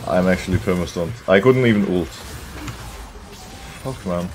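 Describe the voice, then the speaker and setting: A man casually commenting on his own game as he streams, excitable, often laughing and talking to his viewers. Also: sits low, normal speed, noisy background. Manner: excitable, laughing, talks to chat.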